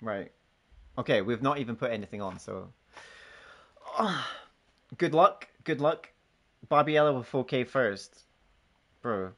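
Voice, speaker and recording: A man's voice: mid-range voice, lively intonation, a little slow, long pauses, fairly bright tone. A man casually chatting on a gaming live stream, joking, swearing and laughing often as he banters with friends and chat.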